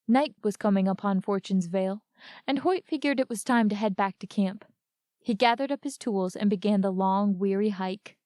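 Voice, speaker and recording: Woman reading a story aloud live, mid pitch, dry close sound. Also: normal speed, darkish tone, no room sound. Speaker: narrator reading a book.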